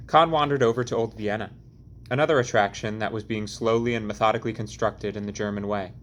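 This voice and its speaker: A man narrating an audiobook chapter in a measured, deliberate reading. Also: lowish voice, fairly even intonation. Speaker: audiobook reader.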